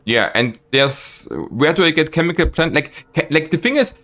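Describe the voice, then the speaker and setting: Animated streamer ranting at his chat. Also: moderate pace, hardly any pauses, soft background music. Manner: exasperated, ranting at chat with lively swings of pitch. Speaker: live streamer. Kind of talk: casual gameplay commentary.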